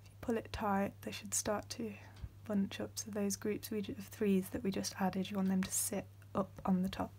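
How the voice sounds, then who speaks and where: A young woman, hosting a step-by-step beading tutorial in a soft voice that often drops to a whisper, with frequent ums. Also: medium pitch, completely flat delivery, normal speed, slight background noise.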